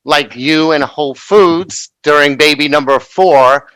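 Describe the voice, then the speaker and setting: A man's voice: a little high, measured pace, fairly bright tone, clean tone, no room sound, poor audio. A man hosting an interview, asking questions and affirming the guest as she talks. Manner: affirming, backchannels with mm-hmm. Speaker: interviewer host. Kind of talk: conversational interview.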